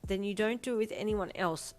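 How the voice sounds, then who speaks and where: A woman's voice: medium pitch, brisk, darkish tone, voice pushed up, close to an everyday voice. A woman voicing a jealous, sulky four-year-old boy who talks bluntly with a pout. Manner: blunt, pouting.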